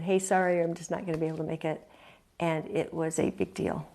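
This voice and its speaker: A woman's voice: fairly low pitch, gravelly. A woman hosting a talk, telling a personal story in an earnest, confiding way with emphatic repetitions. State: emotional, near tears at times. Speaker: host.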